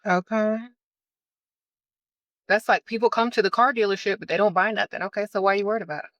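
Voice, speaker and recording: A woman's voice: mid-range voice, steady tone, quick pace, no echo. Sassy woman on a dull lo-fi clip. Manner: sassy, dismissive.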